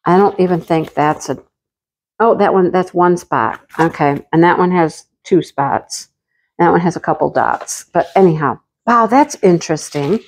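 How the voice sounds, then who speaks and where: A middle-aged woman hosting a casual craft unboxing vlog, chatty and gushing with excitement. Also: lowish voice, normal speed. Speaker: craft channel host.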